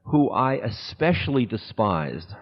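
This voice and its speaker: A man tells a personal story to an audience with candid, self-mocking humor that breaks into laughter. His voice sits at an ordinary male pitch and is heard in a hall with long reverb. The sound is dull and muffled, like an older recording. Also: big pitch swings, a little slow. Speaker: spiritual teacher.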